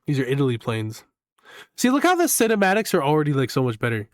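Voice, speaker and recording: A young man giving casual reaction commentary as a gaming YouTuber, excitable and rambling, swearing and saying "like" a lot. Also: fairly high pitch, fast, dry recording, studio quality.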